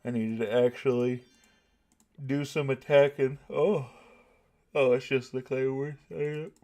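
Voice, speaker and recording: Southern guy streaming games, gravelly voice, joking around w chat, pretty chill. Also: mid-range voice, fairly even intonation, measured pace, darkish tone. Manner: laid-back, joking, talks to chat. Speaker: gaming streamer. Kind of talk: casual live-stream chat.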